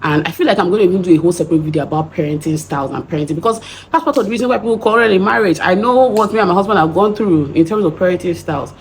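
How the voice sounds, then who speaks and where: A woman's voice: lowish voice, very fast, hardly any pauses, slight background noise. A young Nigerian woman with a Nigerian accent, telling a story in a chatty vlog and acting out the voices she quotes. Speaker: vlogger.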